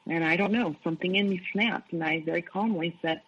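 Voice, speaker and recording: A woman's voice: on the low side, fairly quick, fairly bright tone, husky, dull audio. A middle-aged woman, an interview guest, candidly recounting her own experiences and quoting what others said. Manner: candid, recounts events with quoted dialogue. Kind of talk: personal storytelling.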